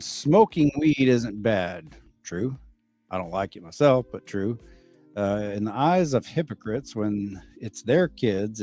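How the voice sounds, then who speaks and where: A middle-aged father on a livestream reads out viewer comments and answers them casually, bluntly, and with plenty of swearing. His voice sits on the low side and has a dark tone.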